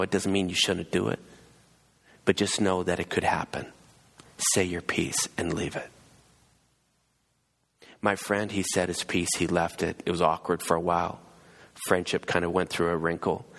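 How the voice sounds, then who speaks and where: Deep gravelly man preaching in a hall. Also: a bit bright. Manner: storytelling, acts out quoted voices. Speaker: pastor. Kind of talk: sermon. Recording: long hall reverb.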